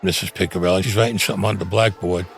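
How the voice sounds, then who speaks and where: A man's voice: low-pitched, fairly even intonation, racing, vocal fry. A man, recounting a childhood memory with emphatic repetition. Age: 70s. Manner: emphatic, repeats key phrases. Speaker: interviewee.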